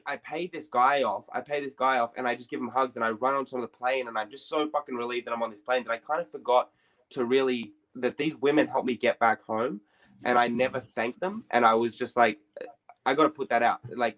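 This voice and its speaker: A young man hosting a podcast, telling a story in a rambling, sweary, animated way. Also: mid-range voice, poor audio. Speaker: podcast host. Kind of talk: casual storytelling.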